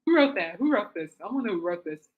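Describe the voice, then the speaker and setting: A woman's voice: mid-range voice, big pitch swings, fast, narrow, tinny audio. A woman hosting a casual podcast, reading music articles aloud and adding amused, giggly comments, snorting when she laughs. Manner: reads aloud then comments with amused asides. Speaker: podcast host.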